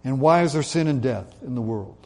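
A man preaching a sermon in an earnest way, slowing down and dropping his voice to stress key points. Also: mid-range voice, lively intonation, a little mellow. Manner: earnest, slows and drops his voice for emphasis. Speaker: pastor.

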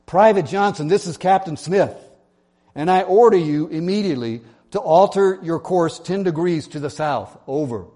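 A man voicing a stern, commanding navy captain who shouts orders over the radio. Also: fairly high pitch, measured pace. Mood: furious.

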